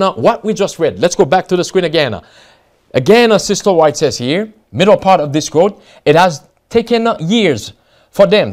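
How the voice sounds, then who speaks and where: A man's voice: sits high, darkish tone. An American man preaching a Bible study sermon, reading passages aloud with many fillers and restarts, stressing key words.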